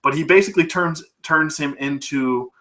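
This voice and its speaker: Male film reviewer, casual and rambly, swears and laughs a lot, crisp bright tone. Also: a little high, moderate pace. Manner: rambling, laughing, profane, full of fillers. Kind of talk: casual movie recap.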